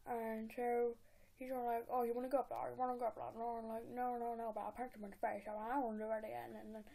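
A woman's voice: on the high side, level tone, quick pace, vocal fry, dark tone, a little hiss or hum. Woman doing a nasal brash young chav guy. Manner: boastful, rambling, combative. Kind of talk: comedic character impression.

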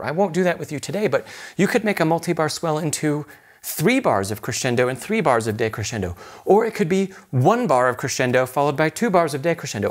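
A man teaching an intermediate piano lesson, explaining patiently and encouragingly, often checking in with rhetorical questions. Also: fairly high pitch.

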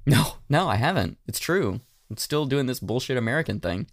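A man's voice: medium pitch, expressive, moderate pace, no echo, studio quality. A man co-hosting a podcast in casual chat, candid and swearing freely, with plenty of fillers. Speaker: podcast co-host.

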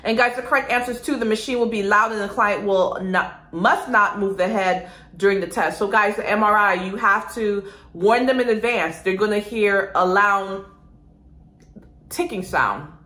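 Woman, nursing teacher, energetic exam-prep talk, quizzes the class, bright tone, roomy echo. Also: mid-range voice, moderate pace. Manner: lively, addresses students as "guys", asks and answers own questions. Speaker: nursing instructor.

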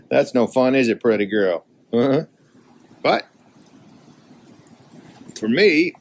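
A man vlogging outdoors on a hunting trip, chatting casually and coaxing his dog along in a fond, high, sing-song voice. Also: a bit bright, slight background noise. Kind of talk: casual outdoor vlog narration. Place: outdoors by a river in the wind.

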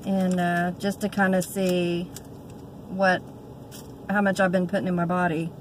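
A woman in her thirties with a drawl talks casually to her viewers in a chatty, heartfelt way. She pauses on fillers and restarts often. She records on a phone held at arm's length in a car, with faint vehicle noise behind her. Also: fairly low pitch, little pitch movement, rough recording. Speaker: vlogger. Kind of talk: casual chat vlog.

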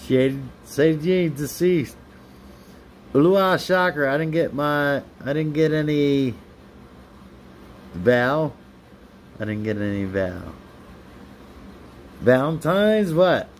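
A man's voice: on the high side, expressive, slow, pauses often, a little hiss or hum. A man on a live stream, reading viewers' comments aloud and answering them with playful, teasing banter. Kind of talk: casual live-stream chat.

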